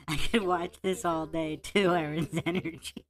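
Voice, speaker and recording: A woman's voice: lowish voice, slow. A woman hosting a livestream, chatting casually and reading out viewer questions in an amused way. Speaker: livestream host.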